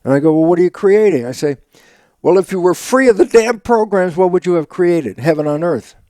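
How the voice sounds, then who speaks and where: An older man, a biologist guest in an interview, telling stories with lively acted-out quotes of his own inner dialogue and frequent laughs. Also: high-pitched, brisk, no echo. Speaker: guest, stem cell biologist. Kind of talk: animated storytelling interview talk.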